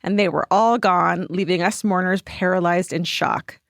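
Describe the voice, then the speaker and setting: A woman co-hosting a podcast, reading a listener's story aloud in a lively, dramatic way. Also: lowish voice, creaky, dry recording, studio quality. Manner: animated storytelling with dramatic pauses. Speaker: podcast co-host.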